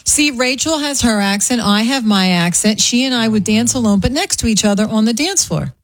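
A woman's voice: a little high, expressive, brisk, no room sound. A woman co-hosting a talk radio show, playful and joking with the host and a caller. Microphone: studio microphone.

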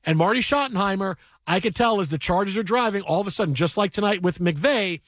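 A man hosting a sports radio show, telling a long anecdote with lively acted-out voices in casual talk from a studio. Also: high voice, fast. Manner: animated storyteller, acts out voices in his anecdotes.

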